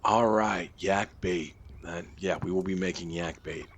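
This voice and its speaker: A man's voice: sits low, steady tone, unhurried, slight background noise. A man hosting a casual game playthrough, thinking aloud with fillers and muttered asides. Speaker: gaming channel host. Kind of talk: casual let's-play commentary.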